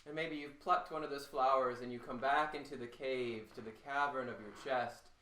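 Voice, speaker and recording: A man leading a guided voice warmup as a voice teacher, talking in a slow, calm way. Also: medium pitch. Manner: slow, calm guiding, with loud called-out "hey"s. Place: home room during the pandemic. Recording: echoey room, mic at a distance.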